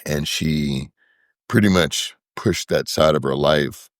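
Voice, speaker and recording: Speaking slowly in a very deep voice, this podcast guest, who co-founded a brewery, keeps the interview talk casual and easygoing. He often repeats words as he hunts for a name. The audio sounds close and dry, with no sense of the room.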